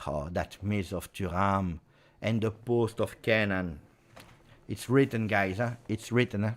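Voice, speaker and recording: Reacting to a football match in real time, this watch-along host swings from quiet mumbling to full-volume yelling, though his pace stays unhurried.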